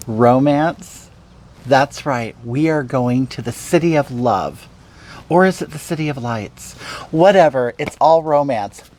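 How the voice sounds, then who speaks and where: A self-styled glamorous home cook, played by a woman with a low voice that swoops wildly up and down. She rambles on with theatrical, sing-song emphasis while hosting a comedic cooking show. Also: darkish tone, exaggerated voice.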